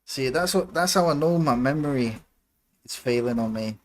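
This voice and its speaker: A man hosts his own livestream in a loose, rambling chat. He drifts from musing aloud into muttered asides. His voice sits at an everyday middle pitch for a man. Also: lively intonation, moderate pace. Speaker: livestream host.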